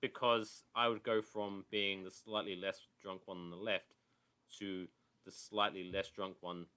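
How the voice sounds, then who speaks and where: A man with a fairly low voice co-hosts a football podcast, talking in a loose, rambling way. He retells arguments with a mocking edge, and his voice comes through a video call. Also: little pitch movement, measured pace, pushed and bright, smooth. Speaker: podcast co-host. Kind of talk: casual football chat.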